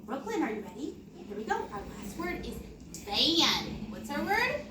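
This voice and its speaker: A woman's voice: high-pitched, big pitch swings, normal speed. A woman teacher leading a phonics lesson for a young class, prompting in a sing-song way and praising often. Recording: echoey classroom, mic far off, noisy.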